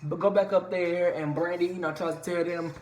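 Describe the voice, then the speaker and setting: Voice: mid-range voice, steady tone, normal speed, a little mellow. Profane chatty reviewer in an echoey room. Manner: loose, profane, chatty slang with many fillers. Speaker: reality TV reviewer. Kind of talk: casual episode recap. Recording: echoey room with faint background noise.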